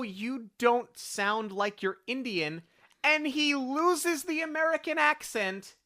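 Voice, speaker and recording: Lively bright co-host reviewing a film, incredulous, acts out scenes. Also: medium pitch. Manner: animated, incredulous, quotes scenes in put-on voices. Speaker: podcast co-host. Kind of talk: casual film review chat.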